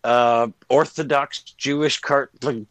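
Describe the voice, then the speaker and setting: A man's voice: medium pitch, steady tone, takes it slowly, a bit bright, dry recording. A man co-hosting a podcast, talking in a crude, joking, self-mocking casual chat. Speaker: podcast co-host.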